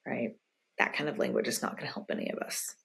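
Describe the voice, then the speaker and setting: Low-voiced woman coaching, lively quoted asides. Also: very fast, vocal fry. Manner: animated, acts out quoted lines in a raised pitch. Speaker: ADHD coach, podcast guest. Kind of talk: conversational interview answers.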